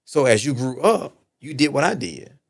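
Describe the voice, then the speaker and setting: Speaking at a moderate pace, a middle-aged Texan guest on a casual podcast recounts personal stories in earnest. His mid-range voice is creaky and swings widely in pitch, and he leans on emphatic repetition and a habitual "right?"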